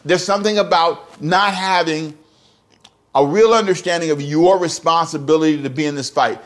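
A man's voice: fairly high pitch, moderate pace. A man preaching a sermon as pastor, emphatic and repetitive, often asking the congregation direct questions.

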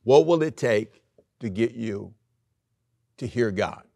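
A male pastor preaching a sermon, animated, acting out the scripture story with big swings in loudness. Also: medium pitch, slow, creaky, no room sound, clean studio sound.

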